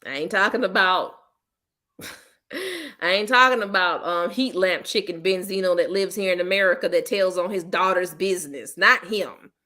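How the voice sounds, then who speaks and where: A woman's voice: on the low side, normal speed. Blunt, laughing woman podcast host. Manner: laughs often, loud playful bursts; slangy, blunt and teasing. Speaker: host of a commentary channel. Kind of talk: casual chat reacting to viewers.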